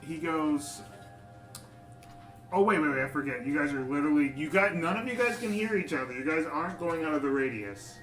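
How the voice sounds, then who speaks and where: A man's voice: fairly high pitch, animated, brisk, fairly bright tone. Young man running a tabletop game. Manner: casual, laughing, bantering. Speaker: game master. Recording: echoey room with music behind.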